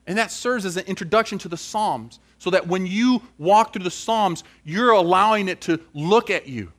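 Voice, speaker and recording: A man's voice: sits high, moderate pace. A man preaching a sermon and closing in prayer, earnest and building to emphatic questions.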